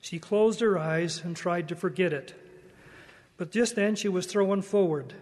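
A man giving a devotional church talk in a slow, earnest, measured way. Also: high-pitched, darkish tone, big-room sound. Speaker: church speaker.

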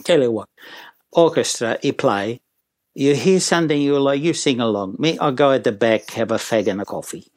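A man's voice: medium pitch, expressive, moderate pace, no echo, clean studio sound, natural voice. Grumpy opera tenor, complains in broken English, a man puts him on. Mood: grumbling. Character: grumpy Italian opera tenor, male, self-pitying.

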